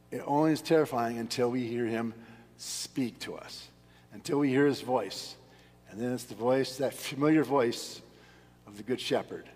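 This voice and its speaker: Husky-voiced pastor preaching in a reverberant church. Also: male voice, medium pitch. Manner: earnest, emphatic preaching with rising stresses. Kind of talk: sermon. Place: church sanctuary.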